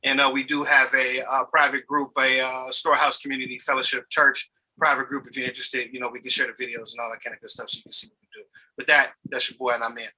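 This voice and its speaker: A man who is a pastor, talking casually and in a lively, preacherly way on a video call. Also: mid-range voice, quick pace, husky, low-quality recording. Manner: animated, preacherly, repeats "you know what I'm saying". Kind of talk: casual chat.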